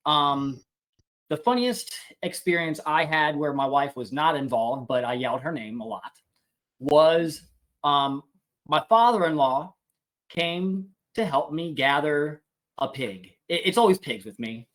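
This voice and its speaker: A man, a homesteader guest on a podcast, telling a funny animal story in a casual, animated, self-deprecating way. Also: fairly high pitch, measured pace.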